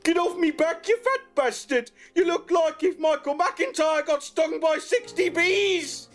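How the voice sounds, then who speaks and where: Brief: a livid teenage lad, shrill and screeching, way up high. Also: male voice, a little slow, faint music behind. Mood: furious shrieking. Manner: stammering when sheepish. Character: furious teenage boy shrieking insults.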